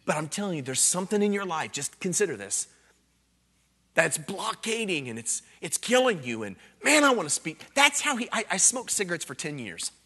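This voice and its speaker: A man preaching a revival sermon as an evangelist, earnest and self-deprecating, dropping to hushed storytelling and rising to loud emphatic bursts. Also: sits high, big pitch swings, normal speed, breathy edge.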